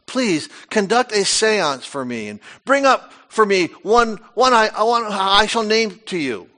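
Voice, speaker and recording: A man's voice: high voice, sing-song, a little slow, sharp tone, voice pushed up, full character voice. A man voicing a desperate pleading king. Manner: urgent, earnest pleading.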